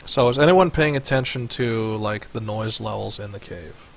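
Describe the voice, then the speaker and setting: A man's voice: lowish voice, normal speed, gravelly, a little hiss or hum. A man running a tabletop game as game master over voice chat, rambling with many fillers. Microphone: headset or desk mic on voice chat.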